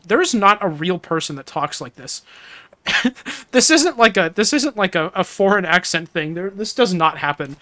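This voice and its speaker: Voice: mid-range voice, expressive, moderate pace, bright, forceful tone. A streamer chatting casually through a let's-play, joking with chat and laughing often.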